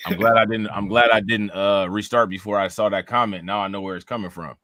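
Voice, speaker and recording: A man's voice: on the low side, fairly even intonation, fast talker, sharp tone, no room sound. A man hosting a livestream, talking in a laid-back, slangy way while fixing technical trouble. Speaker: stream host. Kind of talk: casual livestream chat.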